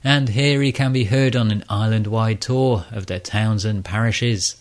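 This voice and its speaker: A man presenting a radio show, reading scripted narration in a measured, informative storytelling manner. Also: on the low side.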